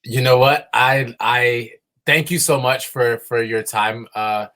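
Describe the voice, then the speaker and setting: A man hosting a casual live show, halting with many fillers and restarts. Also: medium pitch, fairly even intonation, pushed and bright. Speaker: livestream host.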